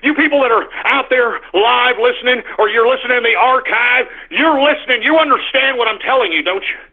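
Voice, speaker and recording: A man's voice: very high-pitched, brisk. A male talk radio host, exasperated and swearing, rambling with restarts through a live on-air rant from his office. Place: home office. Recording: tinny phone-like radio stream.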